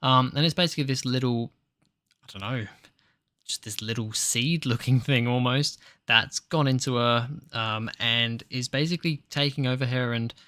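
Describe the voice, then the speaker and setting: A man talks through a TV episode review in a loose, meandering way, often pausing on ums and restarting his sentences. His voice sits at an ordinary middle pitch for a man. The sound is dry and close, with no room echo. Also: bright, forceful tone. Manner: hesitant, filler-heavy, rambling. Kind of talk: casual spoken review.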